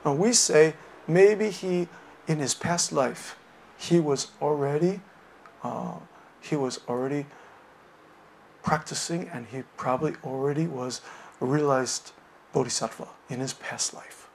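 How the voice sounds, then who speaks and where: A man giving a Buddhist lecture, retelling a teaching story with lots of hesitant fillers and bursts of animated wonder. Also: on the high side, measured pace, gravelly, pauses often, a little hiss or hum. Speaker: dharma teacher.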